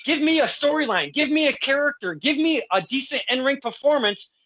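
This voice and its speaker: Bright-voiced, blunt interview host woman. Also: high voice, lively intonation, fairly quick, poor audio. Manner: blunt, swears, passionate, many restarts. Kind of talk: casual interview chat.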